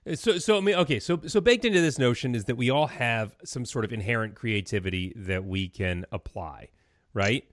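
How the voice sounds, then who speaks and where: A man hosting a talk show, asking questions in a thoughtful, halting way. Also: mid-range voice, no room sound, clean studio sound. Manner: thoughtful, halting, with many restarts. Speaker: radio show host. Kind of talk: conversational interview.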